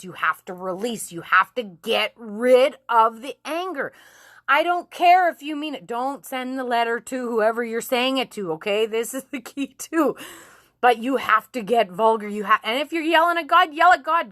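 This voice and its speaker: A woman in her forties talks straight to her viewers in a frank, emotional vlog, swearing freely and breaking into laughs. Her voice sits fairly high. The sound is dry, with no room echo. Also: normal speed, a bit bright. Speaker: nurse and self-help vlogger. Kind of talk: candid motivational vlog talk.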